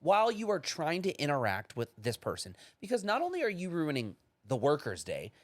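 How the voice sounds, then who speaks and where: A man co-hosting a podcast, ranting in casual chat, profane and animated as he acts out other people. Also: on the high side, a little fast, dry recording. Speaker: podcast co-host.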